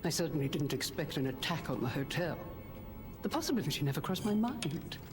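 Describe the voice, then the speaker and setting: A composed hotel owner in a game, her low voice calm and measured. Gentle game music sits clearly under her lines. She stays gracious throughout. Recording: game audio over music.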